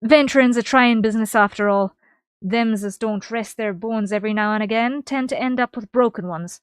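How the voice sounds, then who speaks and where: Hearty, teasing tavern keeper with an Irish lilt, loud and booming, a woman putting him on for a game read-along, dry close sound. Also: moderate pace, smooth, no room sound, lightly acted. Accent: Irish-style lilt. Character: jovial roguish middle-aged male tavern keeper. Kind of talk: reading game dialogue aloud.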